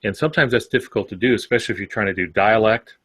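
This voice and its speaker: A man with a fairly low voice co-hosts a writing podcast and works through his points in long, rambling turns. The sound is dry and close, with no room around him. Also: rapid-fire, pushed and bright, husky, no echo. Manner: rambling, filler-heavy explanations. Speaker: podcast co-host. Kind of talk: casual discussion.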